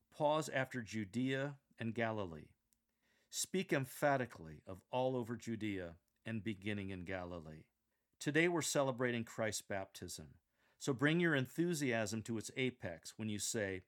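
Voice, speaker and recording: Man coaching scripture reading, measured. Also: on the low side, expressive. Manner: measured, explanatory, demonstrates readings aloud. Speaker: reading coach for church lectors.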